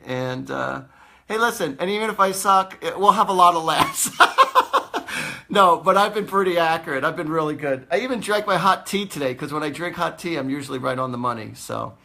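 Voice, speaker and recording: A man's voice: mid-range voice, creaky, bright, forceful tone. A man, a psychic host chatting casually on a live stream, rambling and laughing often.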